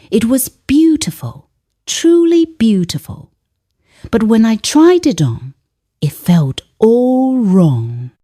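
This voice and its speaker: Woman reading a moral story out loud, gentle and heartfelt, slow and sing-song. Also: medium pitch. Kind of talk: scripted first-person story narration.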